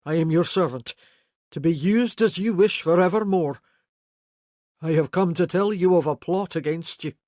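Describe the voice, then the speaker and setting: A narrator voicing remorseful Highland uncle Doulis. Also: normal speed, a little mellow, no echo, studio quality, close to an everyday voice. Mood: earnest. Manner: earnest, pleading, guilt-ridden. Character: remorseful older Highland man, Kerr's uncle. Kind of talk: audiobook character voice.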